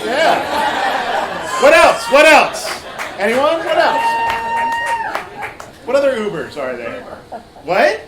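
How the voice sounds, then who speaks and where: A man from Ohio doing a loose, rambling stand-up set at a bar open mic, full of fillers and restarts. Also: high voice. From Ohio, USA. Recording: echoey bar room with crowd noise.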